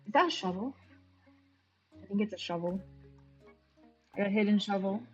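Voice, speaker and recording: Excitable chatty woman streamer. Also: medium pitch, moderate pace. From Romania. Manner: chatty, excitable, thinking aloud with gasps of delight. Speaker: game streamer. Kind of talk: casual live-stream chat while playing. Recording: dull lo-fi stream audio with faint music.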